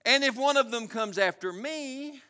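A man's voice: very high-pitched, animated, unhurried, pushed and bright, smooth, voice pushed up, full character voice. A preacher voicing a defiant young shepherd boy who speaks in earnest, emphatic declarations.

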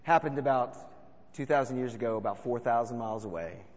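A man preaching a sermon, telling stories and swinging between loud calls and hushed asides. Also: medium pitch, a little fast, long reverb tail, highs cut off. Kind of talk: sermon with storytelling.

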